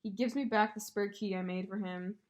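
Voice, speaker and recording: A woman on a casual podcast, telling a breakup story with lots of swearing and acted-out quotes. Her voice sits at a middle pitch. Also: brisk. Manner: animated storytelling, swears freely, acts out quotes. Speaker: podcast co-host. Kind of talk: casual chat.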